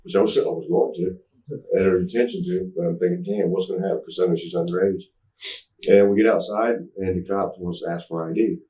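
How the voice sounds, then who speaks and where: This interview guest's voice is low-pitched and dark, and he speaks fairly quickly. Telling a candid story, he rambles with restarts and acts out others' words, and the roomy recording places the mic at some distance.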